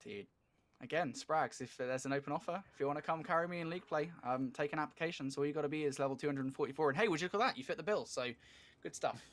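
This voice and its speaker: A man's voice: fairly high pitch, fairly bright tone. A man calling a competitive video game match as a commentator, upbeat and jokey as he chats with his co-caster. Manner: upbeat, jokey, quick to laugh. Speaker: esports commentator. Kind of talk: casual play-by-play game commentary.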